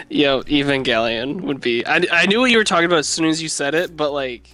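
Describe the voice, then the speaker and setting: A man's voice: on the high side, lively intonation, a little fast, bright, forceful tone, soft background music. A man chatting casually on a livestream, laid-back and laughing, often repeating himself. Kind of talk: casual chat.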